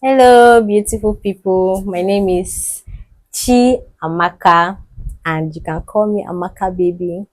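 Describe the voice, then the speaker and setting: Female co-host, mid-pitched voice, teasing banter. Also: steady tone, measured pace. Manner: playful, teasing. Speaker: podcast co-host. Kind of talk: casual chat.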